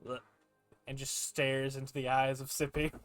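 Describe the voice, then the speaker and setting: A man with a bright, crisp voice runs a tabletop game, narrating in a playful way and often tripping over his words. The sound is dry and close to the mic, with faint music behind him. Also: medium pitch, flat delivery, moderate pace, no echo. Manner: stammering, playful. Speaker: game master.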